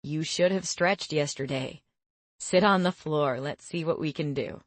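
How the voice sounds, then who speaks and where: Woman narrator doing a teasing young male trainer: quiet, confident, dry close audiobook read. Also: low voice, a little slow, no echo. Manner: calm, playful and quietly confident. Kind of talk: audiobook character voice.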